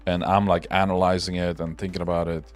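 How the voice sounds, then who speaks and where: A man with a deep, low voice rambles through casual, opinionated livestream chatter, swearing freely as he goes. Faint music plays underneath. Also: level tone, fast. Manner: rambling, profane, loose and opinionated. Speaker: livestream host. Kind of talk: casual livestream chat while working.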